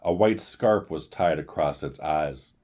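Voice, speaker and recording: A man hosting a storytime show, reading a chapter book aloud in a measured, deliberate way. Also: extremely low pitch, darkish tone. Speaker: storyteller host.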